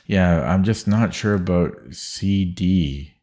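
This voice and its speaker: A man's voice: sits low, slow pace, a little mellow. A man streaming chess puzzles, thinking aloud in a hesitant, muttering way with many fillers and restarts.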